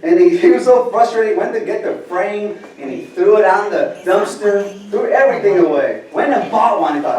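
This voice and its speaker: A man's voice: high voice, a little fast, a little hiss or hum. Echoey distant preacher man. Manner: storytelling preacher, chuckles often, swings between loud and hushed. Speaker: pastor. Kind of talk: sermon. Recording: distant echoey hall from far off.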